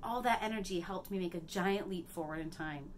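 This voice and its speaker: A woman's voice: on the low side, brisk, a little hiss or hum, lightly acted. A woman voicing Ma, a stern older woman who mentors a young magic apprentice, talking in a firm, lecturing way.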